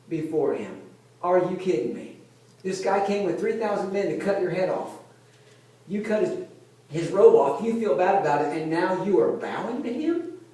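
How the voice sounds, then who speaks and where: A male pastor preaching a conversational sermon, retelling a Bible story like a lively storyteller who keeps checking in with his listeners. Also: high-pitched. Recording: very echoey room, voice from a distance.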